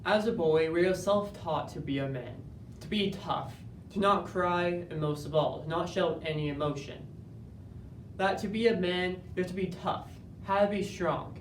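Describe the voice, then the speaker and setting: A man giving an earnest, measured dramatic interpretation performance that builds to moments of intense emphasis. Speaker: speech competitor. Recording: roomy, distant, faint rumble.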